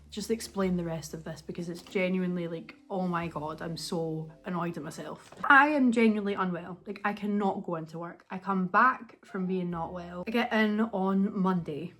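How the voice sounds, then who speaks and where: A woman's voice: fairly low pitch, moderate pace, fairly bright tone. A young woman chatting casually at home for her vlog, rambling and self-mocking as she laughs her way through a story. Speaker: vlogger.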